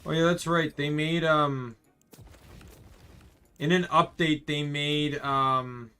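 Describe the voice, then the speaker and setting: A man's voice: a little high, steady tone, slow, bright, forceful tone, clean tone, soft background music. A man casually commenting while playing a video game, rambling and correcting himself as he goes. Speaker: streamer.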